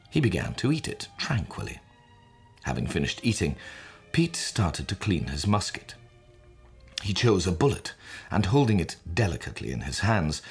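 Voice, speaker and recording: A man narrating a scripted story in a measured, dramatic way. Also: a bass voice. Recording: soft music under voice.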